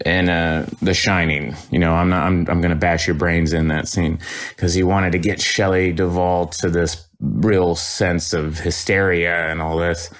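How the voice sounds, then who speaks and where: A man, an actor, chatting in an interview, telling lively stories with quick impressions. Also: deep voice. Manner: lively storytelling with impressions and laughs. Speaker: actor guest. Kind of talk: anecdotal interview chat.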